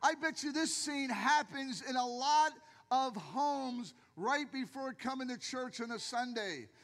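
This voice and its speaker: An older male pastor preaching a sermon in a church with jokey, animated storytelling, acting out the voices of people in his stories. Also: very high voice, measured pace, big-room sound.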